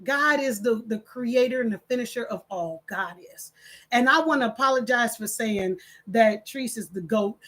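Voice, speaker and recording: An older woman, hosting her channel in casual chat, reading comments and telling animated stories with quoted voices. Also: on the high side, normal speed. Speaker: channel host.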